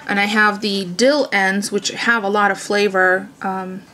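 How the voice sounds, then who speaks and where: A woman talks through a relaxed daily vlog in her home kitchen, rambling from topic to topic with plenty of fillers and amused asides. Her pitch sits in a middling range. A faint hiss of noise runs under the recording. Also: unhurried, low-quality recording. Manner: cooking while talking. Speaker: vlogger. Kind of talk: casual chatty vlog.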